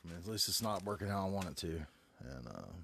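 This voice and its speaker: A man's voice: low voice, animated, quick pace, creaky, fairly bright tone, breathy edge, no echo. A man, rambling glumly and cursing through a solo home podcast while fighting a stuffy head cold. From North Carolina, US. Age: 40s. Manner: glum, rambling, heavy cursing. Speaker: podcast host. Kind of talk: casual solo podcast monologue. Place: back bedroom at home. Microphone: phone.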